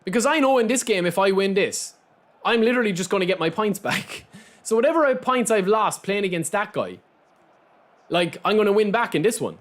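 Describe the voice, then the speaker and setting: A man's voice: high voice, expressive, brisk. A man with an Irish accent streaming a football video game, chatting casually and answering viewers directly. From Ireland. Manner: talks straight to chat, reads out and answers viewers' messages. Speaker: gaming streamer. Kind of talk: casual live-stream chat while playing.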